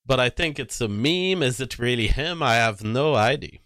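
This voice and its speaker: A man's voice: medium pitch, expressive, normal speed, a bit bright, no echo, clean studio sound. A man telling a rambling story to his audience, often restarting his sentences. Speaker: commentator.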